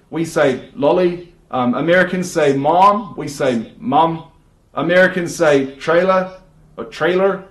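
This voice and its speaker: Dry-humored New Zealand man, roomy sound. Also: on the high side. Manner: dry, offhand, hesitant with fillers. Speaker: comedic video maker. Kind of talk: comedic explainer video.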